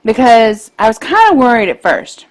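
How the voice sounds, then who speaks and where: A woman in her thirties co-hosting a podcast, chatting casually and gushing with excitement about films she loves. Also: a little high, moderate pace. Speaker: podcast co-host. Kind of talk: casual chat.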